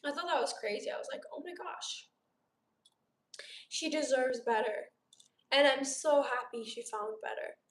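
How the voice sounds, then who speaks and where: A young Romanian woman with a sore throat hosts a casual livestream, bubbly and chatty as she gushes and answers viewers' chat messages aloud. Her voice is high, at a moderate pace with long pauses, and the room has an echo.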